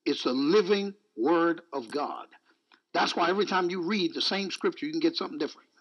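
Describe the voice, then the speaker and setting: A man's voice: a little high, lively intonation, brisk, fairly bright tone, highs cut off. A male preacher giving an emphatic, repetitive sermon, mixing in jokes.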